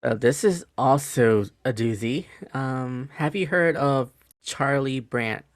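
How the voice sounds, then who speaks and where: A man co-hosting a podcast who tells a case in casual chat, halting often with fillers and restarts. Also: mid-range voice, no echo. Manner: hesitant, many fillers and restarts. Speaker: podcast co-host.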